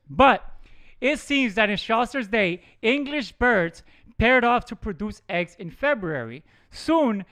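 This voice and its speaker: A man's voice: high-pitched, sharp tone, clean tone. A man hosting a podcast in casual chat, joking and stumbling over words as he reads aloud. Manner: jokey, stumbles over words while reading. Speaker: podcast host.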